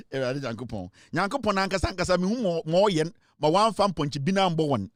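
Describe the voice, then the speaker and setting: A man with a Ghanaian accent hosting a comedy show, giving laughing, animated comic commentary and mixing English into his talk. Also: fairly high pitch, moderate pace, no echo, clean studio sound.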